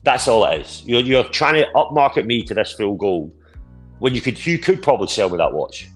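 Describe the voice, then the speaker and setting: A man in his forties talks in a fairly low voice, blunt and quick to swear when something irritates him. This is loose podcast conversation. Faint music sits underneath. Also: sing-song. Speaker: podcast co-host. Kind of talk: casual chat.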